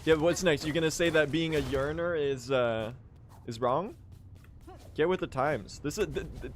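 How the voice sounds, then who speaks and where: A man's voice: on the high side, lively intonation, measured pace. A young man streaming a speedrun, chatting casually and joking as he answers his chat.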